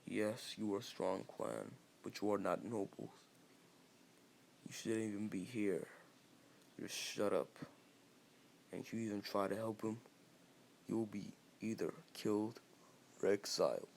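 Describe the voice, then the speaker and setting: A man's voice: lowish voice, fairly even intonation, a little slow, gravelly, pauses often, a little mellow, a little hiss or hum. A man voicing a domineering male village elder who barks contemptuous threats. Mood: threatening. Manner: barking, contemptuous commands.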